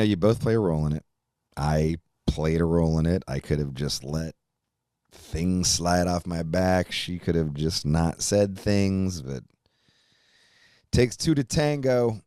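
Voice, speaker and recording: A middle-aged man hosting a podcast, rambling through a profane, animated monologue. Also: sits low, dry recording, clean studio sound. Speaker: podcast host. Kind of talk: casual chat.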